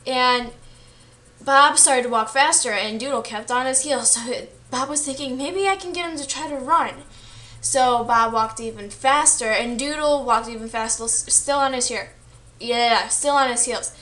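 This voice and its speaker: On the high side and pushed and bright, the young woman's voice keeps fairly even intonation at a moderate pace. She's a student vlogger chattily recounting a story she read, filler-heavy, dramatizing the quoted lines.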